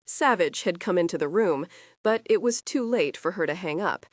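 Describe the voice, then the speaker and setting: A woman narrating a romantic suspense audiobook in a measured storytelling manner, close to the mic. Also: fairly low pitch, expressive, no room sound. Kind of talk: scripted narration.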